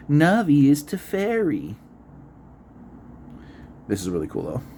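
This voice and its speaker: A man's voice: medium pitch, wildly swooping pitch, slow, warm tone, a little hiss or hum. A man hosting an unedited card-opening video, chatting casually, reading card text aloud and musing with frequent laughs.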